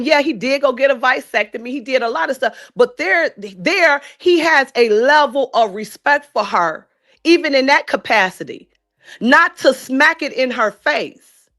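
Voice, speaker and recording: A woman talking on a live stream about reality TV, pressing each point with emphatic repetition. Her voice sits a little high, and she lays out her views slowly and deliberately. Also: fairly bright tone. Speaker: guest commentator.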